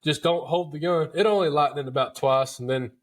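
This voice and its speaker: A man's voice: on the high side, brisk. A man, hosting a podcast and telling a hunting story in a chatty, folksy way. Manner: chatty, folksy, repeats words and calls listeners dude. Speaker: podcast host. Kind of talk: casual storytelling.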